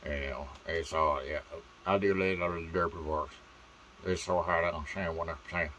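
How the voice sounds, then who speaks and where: A man's voice: low-pitched, fairly even intonation, moderate pace, pushed and bright, a little hiss or hum, poor audio. A man vlogging casually about doing voices, rambling and playful with fumbling restarts.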